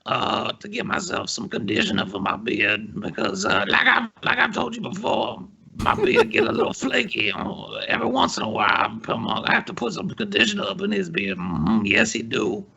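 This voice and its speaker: A man's voice: sits high, huge pitch swings, moderate pace, gravelly, sharp tone, husky, pitched above the performer's own voice, full character voice. A man putting on the voice of a dim, rambling bearded guy, telling a meandering story with giggles. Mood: goofy. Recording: dull lo-fi sound.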